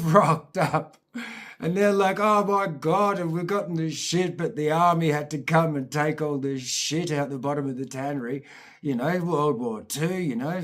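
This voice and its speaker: A man's voice: medium pitch, breathy edge. A man telling a rambling, profane childhood story in a casual, chatty way.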